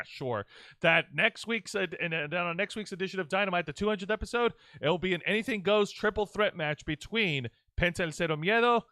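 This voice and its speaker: A man's voice: high voice, sharp tone, dry recording, clean studio sound. A man co-hosting a wrestling review podcast, chatting casually in a rambling, playful way with frequent restarts. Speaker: wrestling show co-host.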